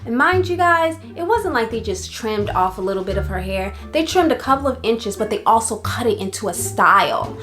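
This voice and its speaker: A young woman casually telling a personal story for her vlog, chatty and animated, with many fillers. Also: a little high, moderate pace, hardly any pauses. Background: faint background music.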